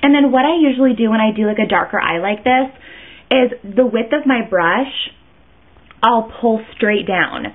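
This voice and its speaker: A woman chatting her way through a makeup tutorial, rambling and interrupting herself as she goes. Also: mid-range voice. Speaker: beauty vlogger. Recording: tinny phone-like sound.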